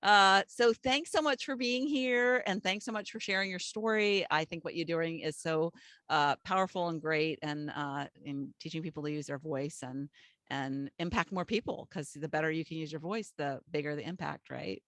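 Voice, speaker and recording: A middle-aged woman hosting a podcast, chatting casually with a guest and reading a scripted sign-off, her sentences often trailing off softly. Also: deep voice, moderate pace, no echo. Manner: chatty, warm thanks, soft trailing endings. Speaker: podcast host. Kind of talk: casual interview chat and scripted outro.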